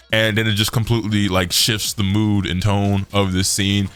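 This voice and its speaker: Slangy low-voiced young man reviewing. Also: level tone, a little fast, hardly any pauses, fairly bright tone, clear, resonant tone. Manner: loose, slangy, rambling. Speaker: anime reviewer. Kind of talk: casual recap chat.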